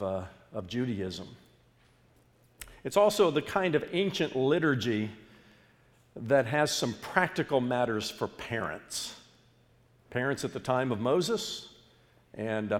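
Pastor guy preaching, gets loud and lively, big hall echo behind him. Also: mid-range voice. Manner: animated preaching with call-and-response. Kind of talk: sermon. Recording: long reverb of a large hall.

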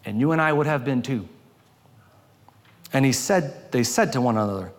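Pastor preaching with rising and falling emphasis. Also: male voice, expressive, moderate pace, long pauses, long reverb tail. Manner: preaching with rising and falling emphasis, dropping low for quoted lines. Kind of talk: sermon.

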